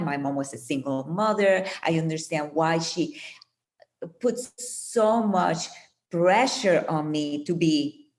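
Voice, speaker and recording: Slow, earnest woman guest. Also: sits low, a little mellow. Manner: earnest, emphatic, motivational. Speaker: podcast guest. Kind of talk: reflective personal storytelling.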